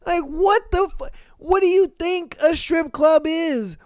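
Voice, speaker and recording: A podcast host casually reading listener comments aloud, with profane, animated slang and frequent laughter, close to the mic. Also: very high voice, measured pace, no echo.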